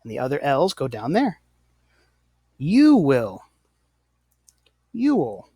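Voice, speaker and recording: A man's voice: medium pitch, huge pitch swings, slow, warm tone, husky, no room sound. A man teaching a lesson, explaining patiently and correcting himself often. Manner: patient, self-correcting, apologetic. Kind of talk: slow, deliberate classroom explanation.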